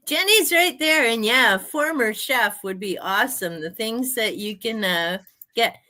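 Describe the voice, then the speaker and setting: A woman in her sixties hosting a livestream, chatting casually and laughing often in a slow, drawn-out way. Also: on the high side, expressive, bright, forceful tone. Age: 60s. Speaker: livestream host. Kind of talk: casual chat.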